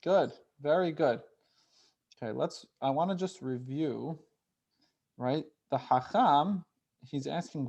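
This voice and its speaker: A man's voice: a little high, vocal fry, a little mellow, dull audio. A man leads a youth class in an easy, conversational way. He explains step by step and keeps checking in with his listeners as he goes. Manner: conversational, often checks in with "right?"; reads Hebrew text slowly with the group. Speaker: teacher.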